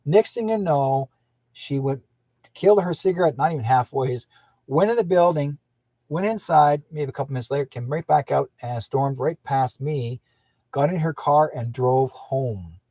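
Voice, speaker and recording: A man's voice: medium pitch, normal speed, warm tone, dry recording. A man hosting his own radio show, telling a story in a rambling casual way, with restarts and acted-out quotes. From British Columbia, Canada. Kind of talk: casual call-in radio monologue.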